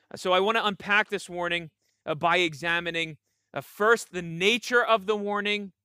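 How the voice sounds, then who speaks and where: A man's voice: sits high, bright, forceful tone, no echo, studio quality. A man preaching a sermon, earnest and emphatic, often repeating himself and checking in with "right?". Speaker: pastor.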